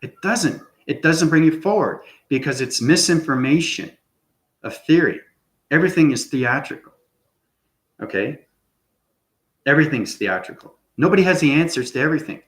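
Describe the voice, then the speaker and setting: His voice sits on the high side, animated and moderately paced with long pauses. As channel host he delivers a rambling, unscripted spiritual monologue, repeatedly adding "okay?", in an echoey room.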